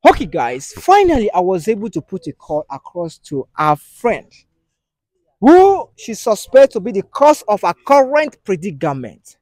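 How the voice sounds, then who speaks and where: High-pitched man, dry sound, animated host talk. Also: normal speed, dry recording. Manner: animated, repetitive pleading and soothing. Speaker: show host. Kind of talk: comedic skit acting as an advice host.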